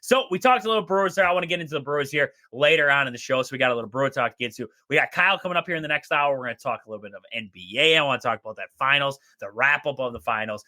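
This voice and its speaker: A man hosting a casual sports radio show with a hoarse, worn voice, rambling energetically and repeating himself. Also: medium pitch, rapid-fire, hardly any pauses, bright, forceful tone, dry recording, studio quality. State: hoarse, voice going.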